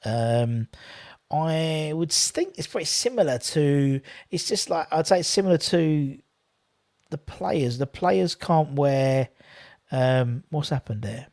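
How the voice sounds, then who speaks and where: A man's voice: fairly high pitch, animated, takes it slowly, darkish tone. A man hosting a live football watchalong, chatting with viewers and commenting on play in a rambling, casual way. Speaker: watchalong host.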